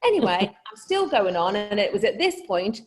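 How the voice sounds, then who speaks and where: A woman's voice: medium pitch, very animated, moderate pace. A woman with a Scouse accent telling a comic story to a live crowd, chatty and self-mocking, laughing mid-sentence and swearing freely. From Liverpool, England.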